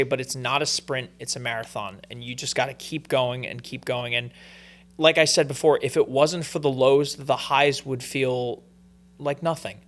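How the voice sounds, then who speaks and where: A man talks as a podcast guest in a mid-range voice, loose and unhurried. He tells stories with many fillers and restarts, easygoing and open. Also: mid-range voice, a bit bright. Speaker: guest, pro fighter. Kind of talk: casual podcast interview.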